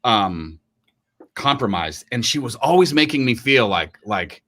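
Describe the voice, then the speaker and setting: A man's voice: medium pitch, very animated, a little slow, a bit bright. A middle-aged man co-hosting a casual live stream, talking in a rambling way with many restarts and acted-out quotes. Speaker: co-host.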